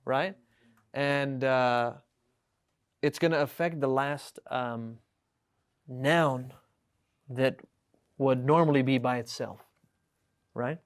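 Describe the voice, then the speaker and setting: A man's voice: mid-range voice, slow, pauses often, clean tone. A man teaching an Arabic class to students, explaining words patiently, often checking with "right?" and reading example sentences aloud. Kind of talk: classroom lesson.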